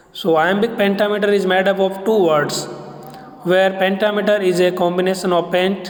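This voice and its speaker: A man giving a recorded literature lecture to students, explaining each point slowly and deliberately. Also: sits high, steady tone. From India. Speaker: English lecturer. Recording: echoey roomy recording.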